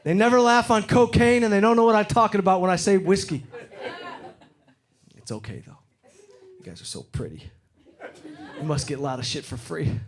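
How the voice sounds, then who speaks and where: A man in his forties from Detroit doing a brash, profane stand-up set on a club stage, acting out the people in his stories. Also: high voice. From Detroit, USA. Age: 40s. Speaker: stand-up comedian. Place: comedy club stage before a live audience. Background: audience laughter.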